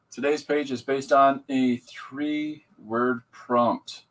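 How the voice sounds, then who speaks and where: A man's voice: medium pitch, steady tone, slow, a bit bright, rough recording. A man hosting a podcast livestream, rambling and upbeat as he greets viewers and talks about his comics. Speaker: podcast host and comic artist. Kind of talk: casual livestream chat.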